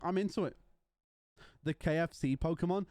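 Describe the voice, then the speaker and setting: A man's voice: on the high side, moderate pace, darkish tone, no echo, studio quality. A young man streaming live, chatting casually and joking with his viewers. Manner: playful, joking banter with chat.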